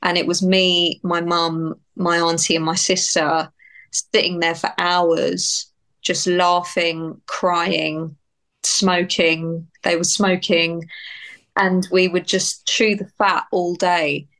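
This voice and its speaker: Reflective woman, slightly low voice. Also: little pitch movement, slow, a bit bright. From United Kingdom. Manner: reflective and heartfelt, often restarting phrases. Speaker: guest, actor and writer. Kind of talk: candid interview conversation.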